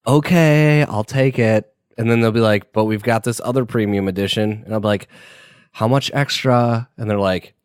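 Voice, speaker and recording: A man co-hosting a podcast in casual chat, animated and swearing now and then, acting out little back-and-forth exchanges. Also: on the low side, normal speed, clean tone, dry recording, studio quality. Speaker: podcast co-host.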